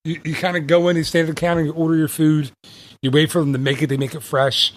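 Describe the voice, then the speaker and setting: A man's voice: on the high side, flat delivery, fast talker. A man hosting a travel podcast in casual chat, rambling and laughing often as he corrects himself. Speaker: podcast host.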